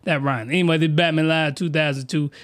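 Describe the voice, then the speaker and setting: A man's voice: a little high, steady tone, a little fast, fairly bright tone. A man hosting a comedic review podcast, rambling and jokey, often cutting himself off mid-sentence. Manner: rambling, self-interrupting, jokey. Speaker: podcast host reviewing comics. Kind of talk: crude comedic review monologue.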